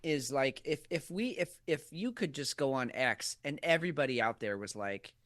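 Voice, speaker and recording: A man co-hosting a podcast in casual political chat, animated and profane, acting out quoted voices. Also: medium pitch, normal speed, no echo, studio quality. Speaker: podcast co-host.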